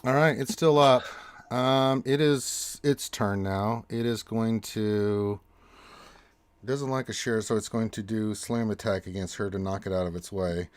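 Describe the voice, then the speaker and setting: A man narrating a tabletop game as dungeon master, describing the action slowly and deliberately. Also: on the low side, fairly even intonation, dry recording. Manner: slow, deliberate describing of combat.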